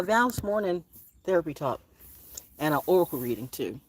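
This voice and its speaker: A woman's voice: low voice, lively intonation, a little fast, slight background noise. A woman vlogging on a morning nature walk, playfully musing aloud about birds and astrology, recorded outdoors on a handheld phone. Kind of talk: casual rambling morning talk on a nature walk. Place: outdoors in a front yard. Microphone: phone held in hand.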